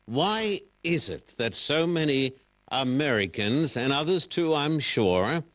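A man's voice: fairly high pitch, expressive, slow pace, fairly bright tone. A man hosting a broadcast religious interview in a studio. He is a pastor, and his questions come out earnest and probing. He stresses key words the way he would from a pulpit.

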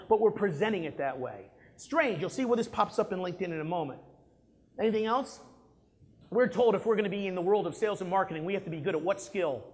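Pitching to a live crowd, a high-pitched man speaks with animation, throwing questions at the audience and demonstrating examples physically.

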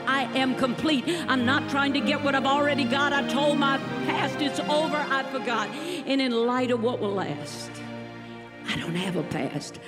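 A woman preacher delivering an emphatic, rhythmic sermon, swinging between hushed passages and shouted declarations. Her voice rings out with a long hall reverb, and instrumental music plays clearly underneath. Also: high-pitched, moderate pace.

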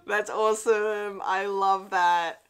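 A young adult woman hosts a casual watch-along movie commentary from a room at home, chatting, laughing often and swearing a lot. Her mid-range voice has a sing-song lilt and a fairly bright, clean tone, and she speaks very slowly.

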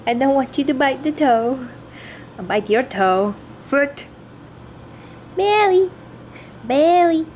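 Young woman, high and very unhurried, doting pet-owner baby talk, cat meows behind. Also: lively intonation, a little mellow, a little hiss or hum. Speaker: vlogger. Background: cat meowing.

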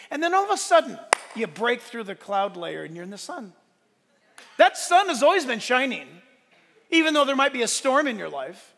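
A male pastor preaching a sunrise service sermon, animated and shouting at the high points, with joking asides. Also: brisk, big-room sound.

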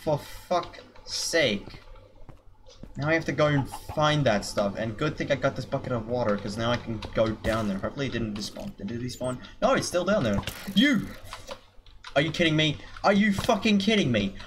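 A man's voice: medium pitch, lively intonation, fairly quick, fairly bright tone, a little hiss or hum. A man commentating his own gameplay, swearing nonstop and erupting into frustrated outbursts.

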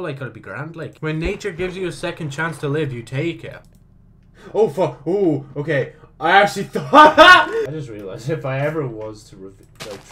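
A young man commentating his own video game play, swearing often and jumping from low muttering to sudden yelps. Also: bright, forceful tone, slight background noise. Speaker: gaming channel host. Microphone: desk mic with audible mouse clicks.

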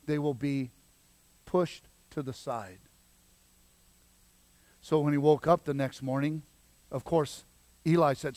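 A man preaching a sermon as pastor, swinging between loud exhortation and quiet emphasis. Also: on the high side, steady tone, slow, long pauses, no echo.

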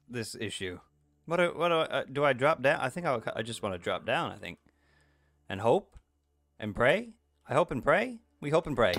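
A man's voice: medium pitch, very animated, moderate pace, a bit bright. A man hosting a let's play video, talking through his game in a jokey, self-deprecating way and yelping at sudden surprises. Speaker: gaming video host.

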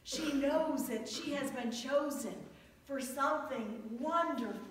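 A woman pastor delivers a sermon at an unhurried pace, her voice sitting high. She mixes warm storytelling and gentle humor, drawing out key words for emphasis. The sound is a distant mic in a very echoey church. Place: church sanctuary.

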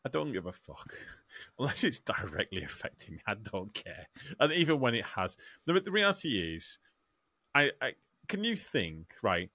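A man's voice: lowish voice, big pitch swings, moderate pace, pushed and bright, no room sound, studio quality. A man hosting a casual podcast, talking with stammering restarts.

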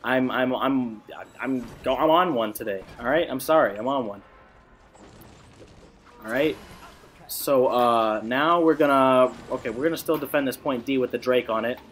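A young man giving excitable gameplay commentary, swearing often and laughing a lot. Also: mid-range voice, normal speed, slight background noise. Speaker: gamer.

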